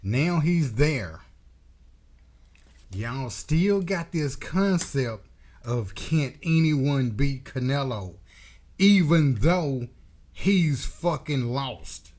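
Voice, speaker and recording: A man's voice: mid-range voice, animated, very slow, darkish tone. A man hosting a boxing commentary channel, delivering a blunt, profane, emphatic opinion rant.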